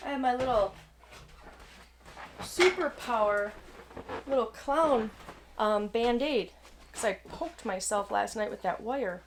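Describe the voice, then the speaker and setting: A woman's voice: on the high side, slow pace, pauses often, slight background noise. A woman co-hosting a kids' variety show, telling corny jokes and giggling, tripping over her words now and then. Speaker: co-host.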